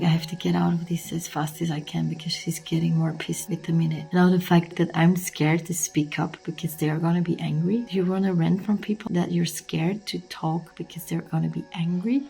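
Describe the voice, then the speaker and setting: A woman's voice: fairly low pitch, little pitch movement, moderate pace, creaky, hardly any pauses, mellow, soft background music. A woman who is sick and coughing, confiding her stress in a candid video diary. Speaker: vlogger.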